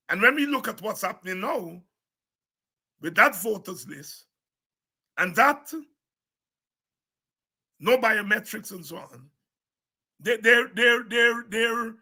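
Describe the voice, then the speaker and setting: High, sharp-voiced Guyanese man rallying. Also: creaky. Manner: forceful, emphatic, repeats words for stress. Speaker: political party leader. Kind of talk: impassioned political address.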